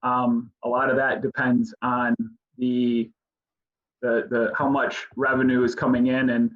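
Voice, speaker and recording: A man briefs a virtual town hall on policy, talking quickly and stumbling through fillers and repeated words. His voice sits in a middle register. The video-call audio sounds dull and lo-fi. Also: medium pitch, monotone. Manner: fast, with many fillers and restarts. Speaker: state legislative policy advisor.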